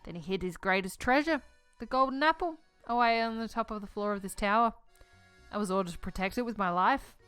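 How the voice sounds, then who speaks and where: A woman's voice: mid-range voice, fairly quick, fairly bright tone, smooth, no room sound, faint music behind, natural voice. A woman voicing a polite elderly male caretaker who builds robots, her put-on accent drifting as she reads. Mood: formal. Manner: accent keeps shifting.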